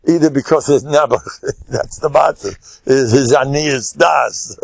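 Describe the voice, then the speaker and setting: An older man, a rabbi giving an animated lecture, emphatic with sudden loud bursts and a chatty, storytelling way. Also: medium pitch, unhurried, vocal fry, no echo.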